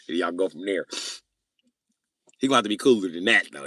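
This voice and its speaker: A man hosting a casual livestream rant, answering chat comments loudly, swearing and joking. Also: sits low, expressive, quick pace, vocal fry, no echo. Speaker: livestream host.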